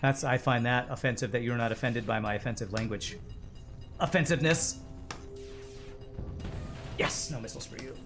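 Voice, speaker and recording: A man's voice: medium pitch, normal speed, pauses often, music in the background. A man streaming a game live, rambling and joking with frequent swearing. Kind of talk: live gaming commentary.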